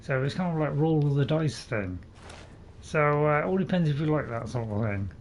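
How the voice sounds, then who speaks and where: A man's voice: a little high, expressive, moderate pace, a little hiss or hum. A man hosting a casual let's-play, rambling and chatting to his viewers as he plays. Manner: rambling, self-admitted waffler; chatty, talks to viewers in chat. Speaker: gaming channel host.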